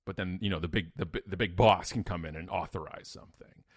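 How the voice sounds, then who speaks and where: A middle-aged man sits as a podcast guest and spins a story from his own life. His voice sits low and sounds dry and close. He talks bluntly and with emphasis, repeats his punchlines, and pokes fun at himself. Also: fast talker, breathy edge, no echo. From Canada. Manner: blunt, emphatic, self-mocking, repeats phrases. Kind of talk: animated personal storytelling.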